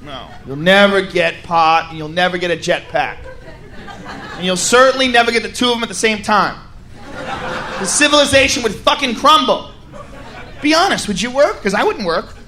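A man doing a stand-up comedy set, ranting loudly and profanely in a rowdy manner. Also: high-pitched, lively intonation, normal speed. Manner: rowdy, profane, shouting rants. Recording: live club with crowd and noise.

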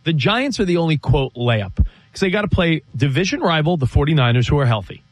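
A man hosting a sports talk show, rambling through a season schedule with quick self-corrections. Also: on the high side, expressive, no echo.

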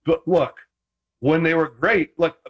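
Man, husky voice, casual guest chat, rambling, restarts often, teasing. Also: a little high, fairly even intonation, unhurried, muffled recording. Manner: rambling, self-interrupting, playfully teasing. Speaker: guest, former quarterback.

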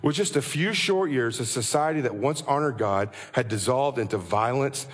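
A man's voice: mid-range voice, moderate pace. A male pastor preaching a sermon with passion, acting out anguished prayers to God. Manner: impassioned, acts out anguished prayers. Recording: long church reverb.

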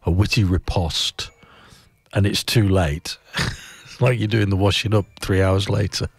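A man's voice: deep voice, fairly even intonation, unhurried. A man hosting a fun-facts show. He reads trivia playfully and theatrically, repeating words and laughing at his own facts. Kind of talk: playful fact reading. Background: loud background music.

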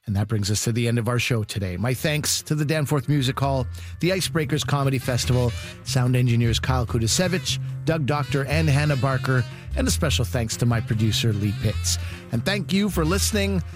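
A man's voice: mid-range voice, expressive, fairly quick. A man hosting a radio comedy show, reading the closing credits and thanks. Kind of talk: scripted show outro. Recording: music bed under the voice.

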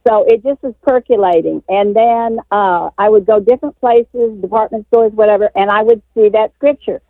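An older woman calls in to a radio show, excited and rambling as she tells her story. Her voice comes through a tinny phone line. It sounds dry, with no room behind it. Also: mid-range voice, normal speed, no echo. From Texas. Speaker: caller. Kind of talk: call-in radio talk.

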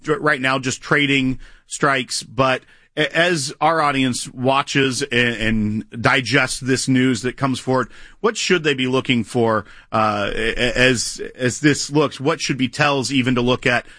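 A man co-hosting a talk radio show, asking a guest questions in a halting way with many false starts. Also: medium pitch, fairly even intonation, sharp tone, no room sound, clean studio sound. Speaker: co-host.

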